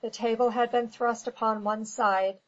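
A woman reading an audiobook in measured, scripted narration. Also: a little high, fairly even intonation, muffled recording.

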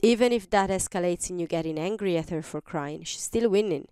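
Very smooth, clear woman's voice. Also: lowish voice, fairly quick, mellow, no echo, clean studio sound. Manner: earnest, explains step by step with examples. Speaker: podcast host. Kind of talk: advice talk.

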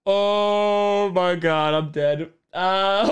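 A man's voice: high-pitched, drawn-out words, pauses often, fairly bright tone. A man streaming his reaction to a football game, caught in a laughing fit and giggling through his words. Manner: giggly, keeps breaking into laughter. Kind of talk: casual live-stream reaction.

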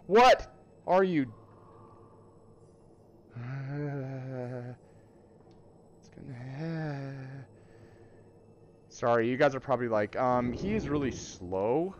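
A young man playing a horror game at a friend's home, reacting out loud. He talks to himself, exclaims when startled and laughs nervously. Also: medium pitch, slow pace, pauses often, lo-fi sound, slight background noise.

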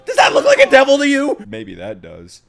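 A young man commenting on an anime episode as he watches it, often shouting, laughing and swearing. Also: very high voice, fairly quick, gravelly, faint music behind. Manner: loud excited outbursts and laughter, swearing. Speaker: anime reaction YouTuber. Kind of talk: excited reaction commentary.

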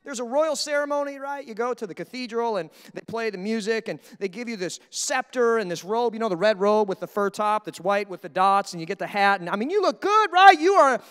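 A male pastor preaching a sermon in a lively, conversational way, often checking in with "right?". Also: very high voice, smooth. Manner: energetic, conversational preaching with frequent "right?" asides. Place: church. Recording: echoey church hall.

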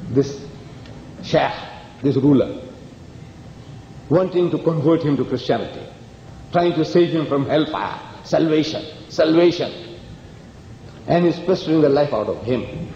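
A man's voice: fairly high pitch, mellow, slight background noise. A man giving a public lecture, telling stories with emphasis and acting out the dialogue. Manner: emphatic storyteller, acts out dialogue. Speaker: lecturer on comparative religion. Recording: echoey hall, dull old recording.

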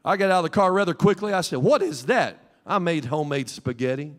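A middle-aged man, the pastor, preaching a Pentecostal sermon in a folksy, animated way with homely asides. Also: fairly high pitch, fast talker. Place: church sanctuary. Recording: long hall reverb.

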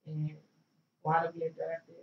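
A woman's voice: low voice, completely flat delivery, unhurried, gravelly. A young woman from Philadelphia, a former pro basketball player, telling her story as an interview guest in a loose, chatty way full of likes and you knows. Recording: roomy, distant, dull sound with faint noise.

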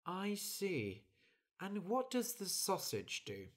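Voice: medium pitch, wildly swooping pitch, takes it slowly, pitched above the performer's own voice, full character voice. A storyteller voicing a nosy female bird who keeps asking probing questions. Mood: curious.

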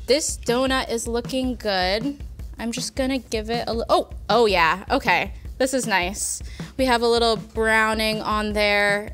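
Chatty young woman cooking, fairly high voice. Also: fairly bright tone. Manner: chatty, self-deprecating and joking. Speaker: cooking show host. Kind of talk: casual cooking demonstration. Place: studio kitchen.

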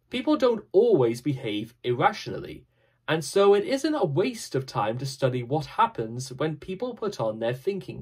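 A man reading a scripted reflective talk with dry, wry humor and a measured, explanatory delivery. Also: on the high side, breathy edge. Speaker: speaker giving a short reflective talk.

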